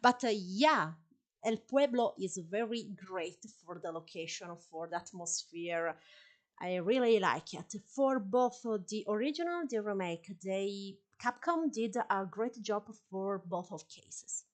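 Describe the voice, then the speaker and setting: An unhurried woman with an Italian accent chats her way through a live game stream. She is talkative and laughs easily, and she keeps apologizing for her English. Her voice sits at a middling pitch. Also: animated. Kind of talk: live-stream gameplay chat.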